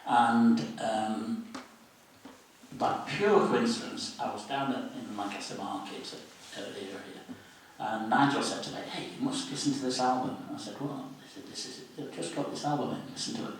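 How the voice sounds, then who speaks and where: A man's voice: mid-range voice, moderate pace, slight background noise. Older man telling stories in an echoey hall. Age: 70s. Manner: lively raconteur, acts out quoted voices. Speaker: interview guest, former student union officer. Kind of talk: anecdotal storytelling at a public meeting. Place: civic meeting hall. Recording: very echoey hall, distant mic.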